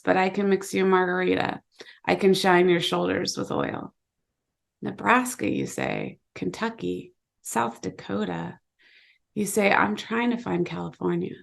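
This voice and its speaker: A woman author giving a measured, low-key reading of her own short story. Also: creaky, fairly bright tone. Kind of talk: literary reading, second person.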